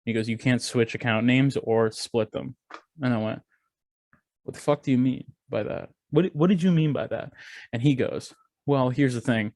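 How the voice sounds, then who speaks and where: A man's voice: mid-range voice, moderate pace, dry recording. Young male podcast co-host, casual storyteller, swears freely, mid-range voice, dry close sound. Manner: animated, profane, acts out quoted voices.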